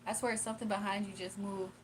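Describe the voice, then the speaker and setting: A woman's voice: mid-range voice, little pitch movement, fast talker, a little hiss or hum, low-quality recording. A woman with a Southern US accent from Virginia, casually chatting on a late-night livestream, laughing often and answering her chat. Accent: Southern US, Virginia with Atlanta influence. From Virginia, USA.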